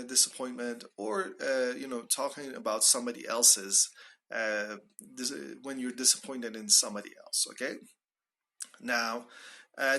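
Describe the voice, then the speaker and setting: A man teaching English phrases in a relaxed lesson, explaining each one and acting out short example dialogues. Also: mid-range voice. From Iran. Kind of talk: casual spoken English lesson.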